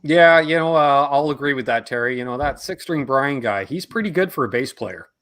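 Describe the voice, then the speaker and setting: Animated Canadian man, lively chatty host. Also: mid-range voice. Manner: animated, jokey, quick asides. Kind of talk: casual live-stream chat.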